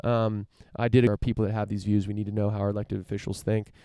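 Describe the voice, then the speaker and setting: Gravelly, low-voiced man ranting casually. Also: flat delivery, quick pace, mellow, no room sound, clean studio sound. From United States. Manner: rambling, many fillers and restarts, swears casually. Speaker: podcast host. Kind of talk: casual opinion monologue.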